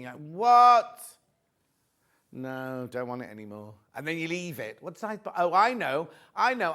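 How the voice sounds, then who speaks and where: A man presenting a live TV shopping show, chatty and excitable, reading out prices and viewer messages. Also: a little high. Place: TV studio.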